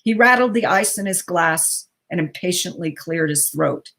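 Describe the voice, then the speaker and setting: A woman narrates literary fiction aloud in a measured, even delivery. Her voice sits a little on the low side, steady for a theatre's live-streamed reading. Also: creaky. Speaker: reader. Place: local theatre livestream.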